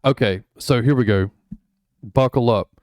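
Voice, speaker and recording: A man with a mid-range voice streams an unhurried, rambling chat, full of fillers, as he goes over his travel photos. The laid-back, casual talk is recorded dry with a clean studio sound.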